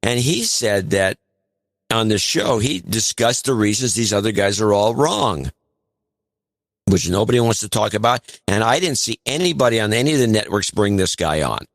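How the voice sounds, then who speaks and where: Low-voiced man in emphatic podcast chat. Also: lively intonation, normal speed, no echo, clean studio sound. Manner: emphatic, repeats words for stress. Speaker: podcast co-host. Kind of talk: casual political chat.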